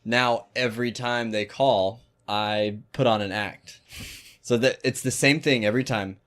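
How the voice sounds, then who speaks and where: A man's voice: medium pitch, steady tone, a little slow, a bit bright. A man co-hosting a podcast, telling a story in a casual, profane way and laughing often. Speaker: podcast co-host.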